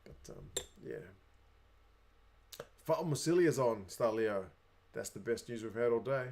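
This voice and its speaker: A man's voice: medium pitch, animated, a little slow, a little mellow. A young adult man with a New Zealand accent, hosting a casual livestream, chatting away and reading viewer comments aloud. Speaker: livestream host.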